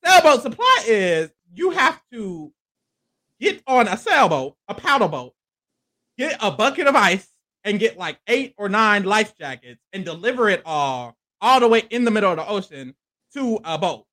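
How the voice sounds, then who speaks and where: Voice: mid-range voice, very animated, normal speed, a bit bright. A podcast co-host chatting casually through a reality-show recap, playful and profane, laughing often and acting out what contestants said. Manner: loose, profane slang.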